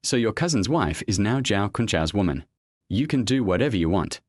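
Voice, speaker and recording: A man's voice: on the low side, expressive, normal speed. A man voicing a scheming, contemptuous young man in a narrated web comic recap, taunting and sneering.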